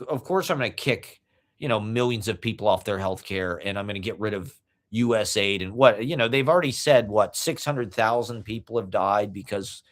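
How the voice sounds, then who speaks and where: A man hosting a podcast, delivering a rambling, profane monologue full of fillers. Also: on the low side. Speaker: podcast host. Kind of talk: casual monologue rant.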